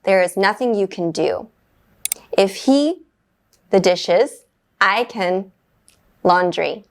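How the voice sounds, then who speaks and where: A woman with a mid-range voice and lively intonation teaches an English grammar lesson. She explains things clearly and at a measured pace, offering brief, upbeat praise after every exercise.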